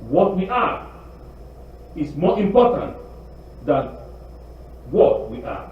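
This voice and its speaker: A man's voice: on the high side, very animated, slow pace, pauses often. Emphatic preaching rabbi, man, in echoing room. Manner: emphatic preaching with repeated phrases. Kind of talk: sermon. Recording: very echoey room, distant dull lo-fi mic.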